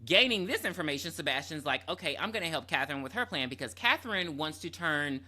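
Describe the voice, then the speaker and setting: Lively, bright-voiced man recapping a movie. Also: a little high. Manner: animated storytelling, quick voices for characters, laughs often. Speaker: podcast co-host. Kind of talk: casual movie recap chat.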